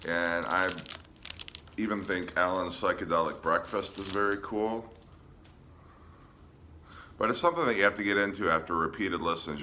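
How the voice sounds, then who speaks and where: Low-voiced guy chatting about his records, lots of ums, crisp bright tone, little hiss in the room. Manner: relaxed, hesitant with frequent ums. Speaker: vinyl collector showing records. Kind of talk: casual show-and-tell vlog.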